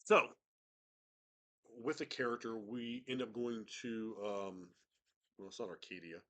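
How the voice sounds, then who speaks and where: A game master with a cold chats casually about tabletop games, rambling and restarting often. His voice is on the low side and fairly bright, and he takes his time.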